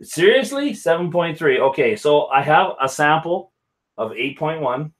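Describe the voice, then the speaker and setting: A man's voice: a little high, very animated, measured pace. A man hosting a casual whisky chat at home, rambling and joking with frequent laughs. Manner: rambling, jokey, loud laughs. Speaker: whisky channel host.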